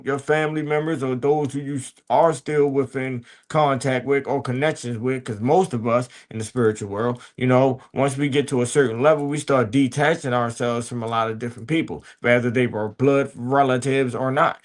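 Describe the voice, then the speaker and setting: A man hosting a podcast, giving a blunt, profane motivational talk full of street slang and repeated asides to his listeners. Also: medium pitch. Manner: blunt and profane, preachy street talk with many "you hear me". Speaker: podcast host. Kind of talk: casual motivational monologue.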